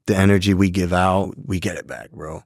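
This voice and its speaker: Deep-voiced New York man, streetwise. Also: steady tone, fairly quick, vocal fry, no echo, clean studio sound. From New York City. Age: 40s. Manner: streetwise, peppers talk with "bro" and "dude". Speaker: podcast guest. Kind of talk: casual chat.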